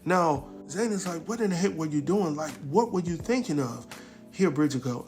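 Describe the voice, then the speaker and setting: Man, casual recap host, slangy, acts out quotes, fairly high voice, faint music underneath. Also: expressive, normal speed, a little mellow.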